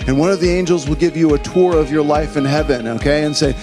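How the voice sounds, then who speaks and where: A man's voice: a little high, fairly even intonation, moderate pace, few pauses, long reverb tail, over music. A man preaching a sermon as the pastor of his church, earnest and conversational, telling a joke along the way. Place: church building.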